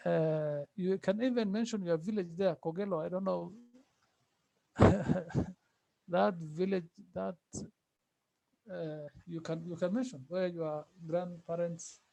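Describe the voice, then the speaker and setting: A man teaching an Arabic class, repeating phrases slowly and patiently for his students. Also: high-pitched, creaky, dark tone, dry recording. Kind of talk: online language class.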